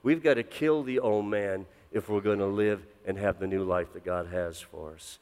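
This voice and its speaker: A middle-aged man preaching a sermon as pastor, swinging from loud emphatic lines to low, intense drops. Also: moderate pace, smooth. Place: church sanctuary. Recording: long reverb of a church hall.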